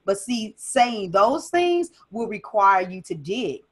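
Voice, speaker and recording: Casting: woman business coach, interview guest, emphatic and driving, mid-pitched voice. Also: sing-song, takes it slowly, breathy edge. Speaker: personal development coach and business strategist. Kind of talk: casual interview conversation.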